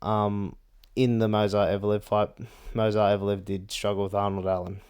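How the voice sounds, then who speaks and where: Blunt sweary young man, smooth voice. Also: lowish voice, level tone, normal speed, a little mellow. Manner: blunt, swears a lot, uses "bro" and "like". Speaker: MMA fight predictor. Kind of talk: casual fight-prediction rant.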